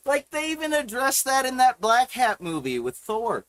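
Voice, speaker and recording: A woman's voice: high voice, sing-song, normal speed, few pauses, no room sound. A woman streamer on a livestream, ranting in a heated, profane way. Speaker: live streamer.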